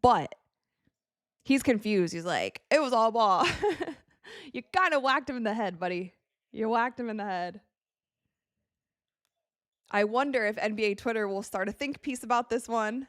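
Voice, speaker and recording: A young woman from Wisconsin hosting a live game watch party, chatting casually and reacting excitedly to plays as she talks. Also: on the high side, a little slow, long pauses, no echo, studio quality. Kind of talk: live casual commentary to chat.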